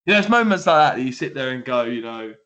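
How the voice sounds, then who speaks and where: A man's voice: medium pitch, sing-song, fast, pushed and bright. A man co-hosting a football podcast, talking in a rambling, laughing way with lots of restarts. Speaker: podcast co-host. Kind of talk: casual chat.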